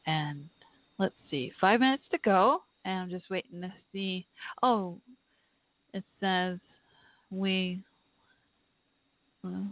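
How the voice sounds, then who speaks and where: A woman hosting a live podcast, talking in an earnest, heartfelt, halting way and reading aloud. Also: mid-range voice, no echo. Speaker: podcast host. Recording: tinny phone-line audio, dry.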